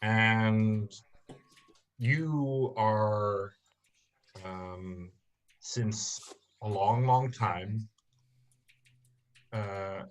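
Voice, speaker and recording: A man running a tabletop game as game master, describing scenes to his players. His voice sits low and he takes his time, pausing often and filling the gaps with ums and uhs. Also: lo-fi sound. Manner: slow, halting narration with many fillers.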